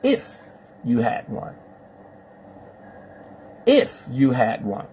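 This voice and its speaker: A man's voice: medium pitch, wildly swooping pitch, very slow, dark tone, slight background noise. A man hosting a live stream, pressing his guests with repetitive, preachy questions. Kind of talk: confrontational live call-in chat.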